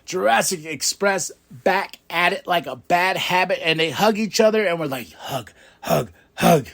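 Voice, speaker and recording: Animated man recapping with loud outbursts. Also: gravelly. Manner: animated, swings from low mutters to loud outbursts; swears casually, quick asides. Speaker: podcast host. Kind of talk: excited wrestling recap.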